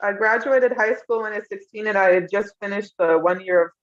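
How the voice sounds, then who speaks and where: A young woman recounting emotional personal memories in an interview, tender and often laughing softly. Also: medium pitch, fairly quick. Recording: dull lo-fi sound.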